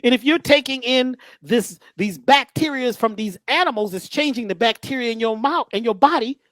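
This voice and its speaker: A lively, folksy man talks in a storytelling way, his pitch swinging widely from phrase to phrase. He jokes and preaches in turns. The sound is close and dry with no room echo. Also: normal speed. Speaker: guest speaker. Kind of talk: animated storytelling talk.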